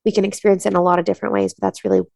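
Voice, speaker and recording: A woman coaching a listener through a tapping exercise in a calm, soothing, slow voice, then explaining her practice. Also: lowish voice, creaky, no echo. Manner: gentle affirming murmurs while listening. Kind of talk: guided tapping meditation and interview answers.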